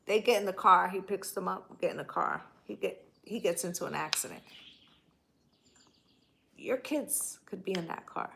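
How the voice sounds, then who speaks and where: A woman's voice: on the low side, normal speed, gravelly, bright, forceful tone. A woman giving a tarot reading in a casual, blunt, profane way, often tagging her points with "right?". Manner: blunt, profane, emphatic, keeps asking "right?". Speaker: tarot reader.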